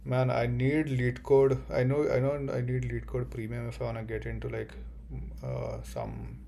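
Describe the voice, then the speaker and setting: A young man delivers a comedic monologue as a job-hunting student, swearing often and rambling excitably with sudden outbursts. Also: mid-range voice, a little fast, gravelly, slight background noise.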